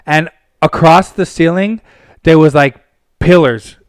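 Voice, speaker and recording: A young man from Pasadena, California, spins profane, animated stories in a loose, conversational way. His voice sits a little high for a man. It is recorded dry and close. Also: measured pace, smooth, no room sound. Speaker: guest telling stories. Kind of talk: casual storytelling.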